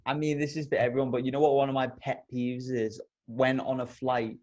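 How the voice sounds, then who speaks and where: A man's voice: mid-range voice, fairly quick, lo-fi sound. A young man co-hosting a podcast, telling stories in casual chat and swearing a lot. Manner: animated swearing storyteller. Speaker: podcast co-host.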